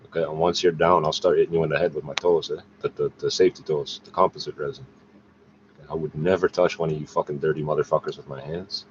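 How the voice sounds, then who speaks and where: A man in a rambling, agitated, profane monologue to his camera, recorded on the device's own mic. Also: low-pitched. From Canada. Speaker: vlogger. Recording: dull lo-fi with faint noise.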